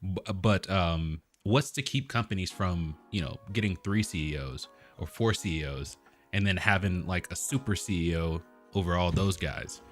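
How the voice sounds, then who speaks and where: A man hosting a casual podcast chat, easygoing and quick to laugh. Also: low voice, a bit bright, soft background music. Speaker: podcast host.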